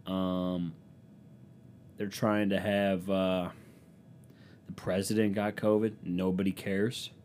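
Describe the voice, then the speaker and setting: Man, low voice, podcast host, casual profane rambling, self-deprecating comic monologue, faint background rumble. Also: little pitch movement, takes it slowly, pauses often, darkish tone. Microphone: podcast microphone.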